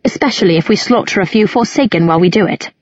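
A grim young fighter who tosses off quick, dry remarks, read by a woman narrator. The voice is husky. The audio is dry and slightly muffled. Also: mid-range voice, expressive, a little mellow, no room sound, lightly acted. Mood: wry.

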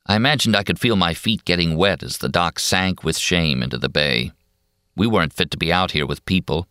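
A man narrating a novel in a steady, measured storytelling voice. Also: sits low, clear, resonant tone, no room sound, clean studio sound. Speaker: audiobook narrator. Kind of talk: scripted narration.

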